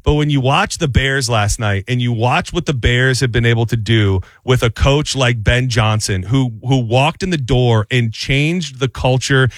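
A sports talk host, a man, giving animated, opinionated takes on football. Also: mid-range voice, unhurried, few pauses, no room sound.

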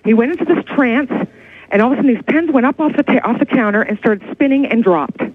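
A woman's voice: fairly high pitch, expressive, quick pace, slightly rough, no echo. A woman calling in to a radio show, telling her story in a breathless, rambling way over the phone. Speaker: caller. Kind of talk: call-in radio chat. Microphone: telephone. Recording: tinny phone line.

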